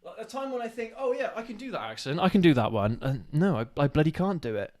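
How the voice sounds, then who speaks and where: A man's voice: high-pitched, very animated, quick pace, a little mellow. A man with a West Country twang chatting on a live show, laughing often and mocking himself. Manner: laughs a lot, self-mocking, restarts. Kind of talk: casual chat, trying movie-quote accents.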